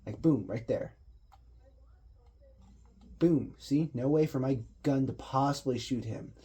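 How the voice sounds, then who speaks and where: A man's voice: mid-range voice, slow, dark tone, slightly rough. A man giving loose, slangy commentary and explaining what he does while he plays a video game. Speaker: gaming commentator. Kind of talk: casual gameplay commentary.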